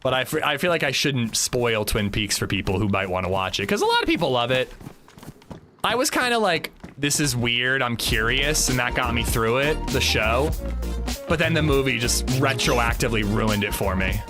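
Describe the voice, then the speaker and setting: A man's voice: mid-range voice, sing-song, brisk, over music. A man streaming a video game live, chatting casually and bluntly to his viewers, rambling with swearing and restarts. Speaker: gaming livestreamer. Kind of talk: casual live gameplay chat.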